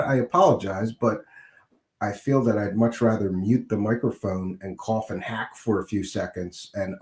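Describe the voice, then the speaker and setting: Man, podcast host, hoarse from a cold, scratchy, roomy echo. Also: on the low side, a little mellow. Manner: conversational, with frequent uh and um fillers. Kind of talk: casual podcast monologue.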